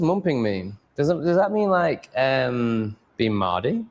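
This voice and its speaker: A man's voice: mid-range voice, sing-song, measured pace, lo-fi sound. A man chatting casually on a live stream, mumbling and rambling, swearing freely and reading chat aloud.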